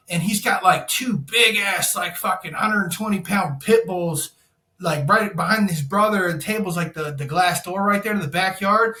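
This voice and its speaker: In a reverberant space, a high-voiced man talks at normal speed while recounting a wild story as a podcast guest. He's an insurance broker, and his telling is profane and lively, with quotes acted out.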